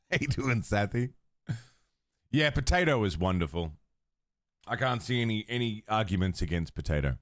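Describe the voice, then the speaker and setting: Chatty, lively-voiced man streamer. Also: fairly low pitch, takes it slowly, pauses often, dry recording, clean studio sound. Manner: chatty, swears casually, laughs often. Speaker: livestream host. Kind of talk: casual chat with stream chat.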